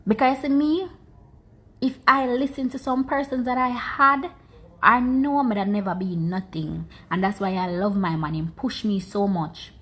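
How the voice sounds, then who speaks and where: A woman's voice: a little high, moderate pace, fairly bright tone, slightly rough. Emphatic Jamaican woman telling her story. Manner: emphatic, repeats words for stress. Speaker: social media personality. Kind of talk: Instagram live chat, personal storytelling. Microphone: phone.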